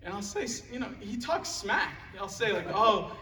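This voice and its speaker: A young man with a high, light voice tells roast stories about his father to a laughing crowd. His voice carries through a big echoey hall. It sounds as if the mic is some way off and a noisy room recording is running. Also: big pitch swings, moderate pace, bright, forceful tone, recorded from a distance. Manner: joking storytelling, laughing at his own lines. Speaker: son giving a roast speech. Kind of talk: roast speech at a live event. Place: large hall at a live event. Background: audience laughter.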